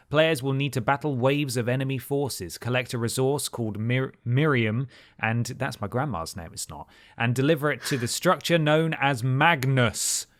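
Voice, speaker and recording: A man's voice: medium pitch, fairly bright tone, no echo, clean studio sound. A man co-hosting a podcast, reading gaming headlines with wry, jokey asides. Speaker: podcast co-host. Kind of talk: casual podcast news chat.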